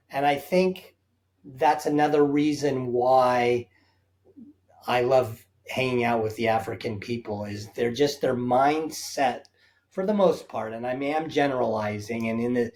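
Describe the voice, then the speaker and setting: A man's voice: mid-range voice, unhurried, a little mellow. A man speaking as a guest on an interview podcast, earnest and reflective, laying out his points one by one. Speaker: guest, safari company founder. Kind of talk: conversational interview answers.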